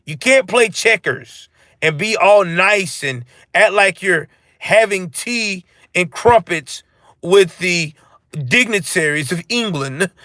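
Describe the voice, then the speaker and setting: A man hosting a live stream, giving ranting political commentary in a profane, animated way and answering his chat. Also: high voice, slow pace, no echo.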